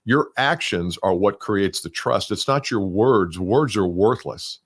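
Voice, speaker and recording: A man's voice: lowish voice, lively intonation, unhurried, breathy edge. A middle-aged man coaching salespeople in a conversational, emphatic solo talk.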